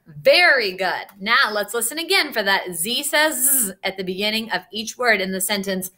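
A young woman teacher leading a phonics lesson for small children, sounding out each letter slowly and praising them in a sing-song way. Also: mid-range voice, lively intonation, sharp tone. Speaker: kindergarten teacher.

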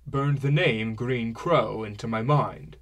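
A man voicing a hearty, showy middle-aged merchant father who talks with booming, forced cheer. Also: takes it slowly. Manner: booming, jovial, with fake cheer. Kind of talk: audiobook character voice.

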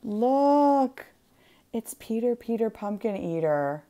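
Slow, playful woman hosting a craft stream. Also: on the low side, lively intonation. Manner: playful, giggly, drawn-out delivery. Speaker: craft livestream host. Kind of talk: casual livestream chat while stamping.

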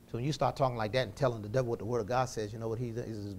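A man preaching a sermon, calling out to his congregation for responses and swinging from fervent shouting to low, intimate talk. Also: steady tone, very fast, hardly any pauses.

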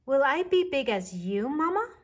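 A woman's voice: high voice, big pitch swings, normal speed, voice pushed up. A woman voicing an eager little bear cub. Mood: eager, curious. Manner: eager, asks question after question. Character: small curious young male bear cub. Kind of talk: children's storybook reading.

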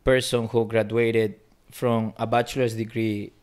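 A Peruvian man in his thirties, a native Spanish speaker with a mixed Peruvian and Spanish accent, speaks reflectively as a guest philosopher in a casual interview. His voice is fairly low with little pitch movement, unhurried, a little mellow and clean. He restarts often and uses plenty of fillers.

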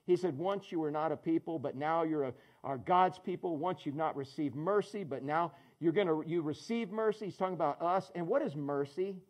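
A man's voice: a little high, a little fast, hardly any pauses. A man preaching a sermon as pastor, conversational and joking, calling on people in the congregation by name. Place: church in front of a congregation.

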